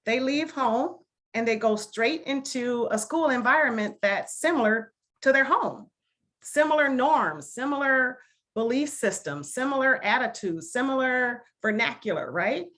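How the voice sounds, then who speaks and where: A woman's voice: high voice, animated, a little slow, fairly bright tone. Milwaukee woman, guest speaker on a video call, earnest and emphatic, repeats her points for weight. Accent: Milwaukee, Wisconsin. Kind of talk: casual talk to a video call discussion.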